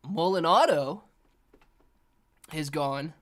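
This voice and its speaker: Animated man with allergies streaming. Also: a little high, slow. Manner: rambling, animated, talks to viewers. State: coughing and sneezy from allergies. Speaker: livestream host. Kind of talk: casual livestream commentary.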